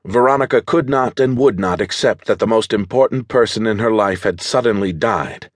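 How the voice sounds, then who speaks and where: A man narrating a thriller audiobook in a measured, steady storytelling manner on a close studio mic. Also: lowish voice, no room sound.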